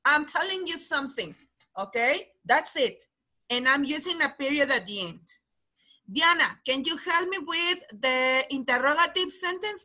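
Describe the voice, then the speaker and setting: Bright-voiced teacher. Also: female voice, sits high. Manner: patient, explains slowly, repeats key words. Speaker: English teacher. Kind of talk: online class lesson.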